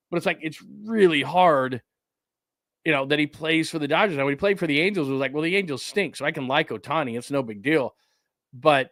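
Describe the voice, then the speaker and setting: A man's voice: medium pitch, fairly bright tone, dry recording, clean studio sound. A middle-aged man hosting a casual live sports show from home, rambling and reacting to a game as he watches it.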